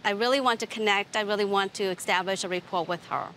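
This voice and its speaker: A woman therapist asking questions calmly and patiently during an intake session. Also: mid-range voice, fast talker, a little hiss or hum.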